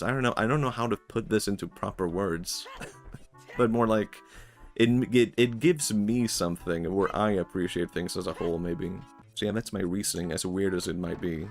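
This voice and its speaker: A man's voice: low-pitched, moderate pace, soft background music. A man streaming, talking in a rambling, reflective way, full of filler words and frequent laughs. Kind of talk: casual stream chat.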